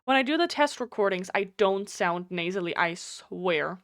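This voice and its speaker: A woman's voice: medium pitch, lively intonation, moderate pace, a bit bright, no room sound, clean studio sound. Chatty streamer woman with a German accent. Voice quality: slightly nasal. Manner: chatty, blunt, swears freely. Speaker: game streamer. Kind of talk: casual live stream chat.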